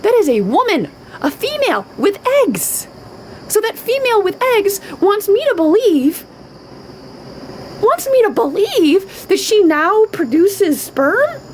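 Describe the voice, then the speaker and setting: Animated woman ranting on a live stream. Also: very high-pitched, a little slow, slight background noise, low-quality recording. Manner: emphatic, repetitive, profane. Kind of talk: unscripted live-stream rant.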